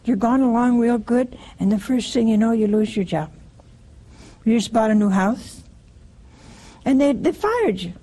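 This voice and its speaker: A woman's voice: on the high side, lively intonation, a little slow, long pauses, warm tone, slightly rough, rough recording. A woman giving a conversational sermon in a homely way, often asking her listeners rhetorical questions. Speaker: preacher.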